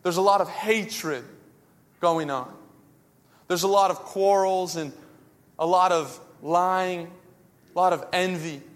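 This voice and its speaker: A man preaching a sermon as a pastor, telling stories with lively, self-mocking humor. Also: high voice, takes it slowly, long pauses, big-room sound.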